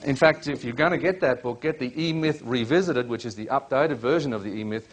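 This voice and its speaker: A man's voice: mid-range voice, a little fast, few pauses. A man presenting a live workshop, chatty and full of questions, coaching people from the audience.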